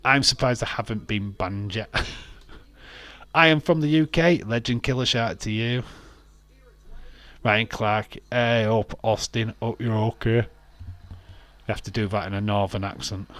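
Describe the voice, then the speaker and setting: A man's voice: fairly low pitch, normal speed, long pauses, sharp tone, dry recording. A man hosting a casual wrestling watch-along stream, rambling, laughing often and reading out viewer comments.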